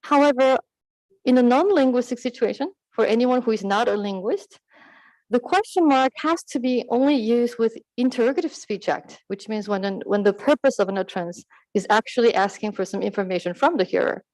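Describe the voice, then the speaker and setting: A woman's voice: a little high, brisk, a little mellow, no echo, rough recording. Woman giving a dry academic talk. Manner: explanatory, with fillers and self-corrections. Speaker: conference presenter. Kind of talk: academic conference presentation.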